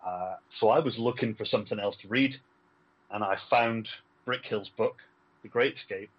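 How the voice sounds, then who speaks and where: Husky man on a dull line. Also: on the low side, normal speed. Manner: friendly, chuckling often, agreeable. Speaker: podcast guest, relative of a war escapee. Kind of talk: casual chat.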